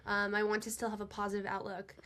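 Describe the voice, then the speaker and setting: A woman talking in a casual podcast chat, halting and hesitant, with lots of fillers. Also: medium pitch, monotone, a bit bright. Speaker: podcast co-host or guest.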